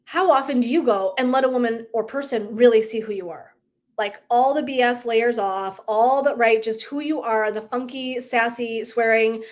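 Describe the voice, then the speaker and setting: On a relaxed live stream, a middle-aged woman who works as a wellness coach talks openly, cursing and laughing as she voices her inner thoughts. Her voice sits a little high and moves at an ordinary pace.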